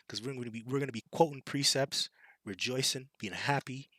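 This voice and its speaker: A man's voice: mid-range voice, fairly quick, fairly bright tone, dry recording. A man preaching a fiery, taunting scripture sermon, reading verses and mocking his listeners. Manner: fiery and taunting, with scornful impressions and laughs. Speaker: street preacher.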